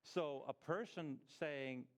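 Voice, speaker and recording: A man's voice: on the high side, slow. A man giving an informal teaching talk to a small church group, conversational, asking the group questions as he goes and often restarting his sentences.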